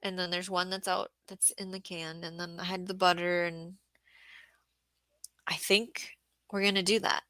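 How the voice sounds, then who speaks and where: A woman's voice: on the low side, flat delivery, normal speed, long pauses, sharp tone, no echo. A woman hosting a casual livestream about market gardening, chatting and reading viewer comments aloud.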